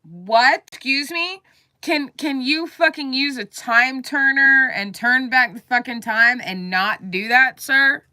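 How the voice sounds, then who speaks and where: A woman's voice: high-pitched, slow, pushed and bright. A woman livestreaming an angry, profane rant, repeating herself heatedly.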